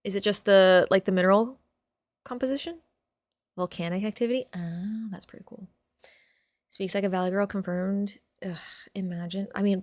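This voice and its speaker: Give me an animated, sweary woman chatting live with her viewers, in a crisp bright voice. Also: medium pitch, no room sound, studio quality. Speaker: streamer host. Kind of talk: casual chat with viewers.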